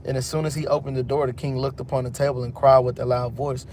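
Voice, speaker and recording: Speaking quickly with hardly a pause, a Texan-accented man teaches his religious group from the Bible, reading verses and recasting them in street slang. His voice sits at medium pitch, slightly mellow, over slight background noise.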